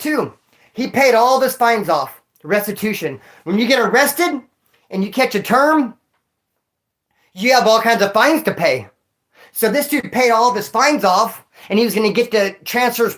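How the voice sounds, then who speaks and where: A man's voice: sits high, fairly bright tone. A man who was in prison chats casually on a livestream, telling stories in slang and talking straight to a viewer. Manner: slangy, storytelling, addresses a viewer directly. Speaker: former prisoner streamer reading chat. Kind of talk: casual livestream chat and storytelling.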